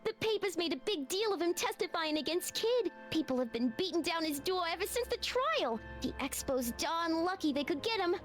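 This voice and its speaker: A woman's voice: very high voice, lively intonation, moderate pace, few pauses. An actress playing a brassy young showgirl who talks in breezy 1930s slang, with game music behind. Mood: chatty. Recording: game audio with music bed.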